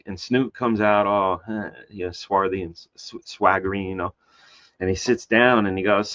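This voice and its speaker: An adult man, a comic book artist appearing as a guest, tells a story casually in conversation at normal speed. He's lively and animated, acting out quoted voices with big pitch jumps, and rambles loosely with lots of fillers and restarts; the audio is slightly dull and lo-fi.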